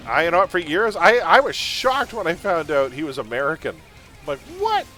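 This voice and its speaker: A man's voice: fairly high pitch, lively intonation, a little fast, bright, forceful tone, soft background music. A man chatting casually while live-streaming a game, laughing often and drifting into pop-culture tangents.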